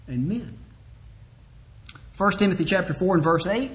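A male preacher with a somewhat high voice delivers an earnest sermon. He exhorts his listeners directly and weaves in scripture readings and small acted exchanges. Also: very animated, a little slow, long pauses, a bit bright. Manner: earnest, exhorting, quotes scripture and acts out short dialogues.

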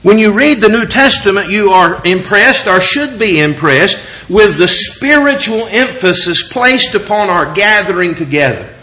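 Preacher, male, slightly high-pitched, measured scripture reading with strong emphasis. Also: expressive, pushed and bright. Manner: reads scripture slowly with rising and falling emphasis. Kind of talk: sermon.

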